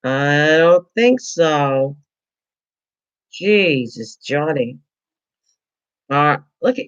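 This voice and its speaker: A woman's voice: low voice, animated, drawn-out words, long pauses, clean tone, muffled recording. Chatty rambling woman livestream host. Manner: rambling, chatty, playfully teasing. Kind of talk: casual livestream chat. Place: home craft livestream.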